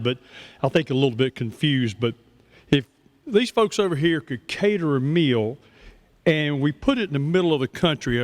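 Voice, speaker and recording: A man, a master of ceremonies speaking in a genial, joking, easygoing way at a banquet. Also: a little high. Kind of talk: banquet emcee speech. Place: banquet hall.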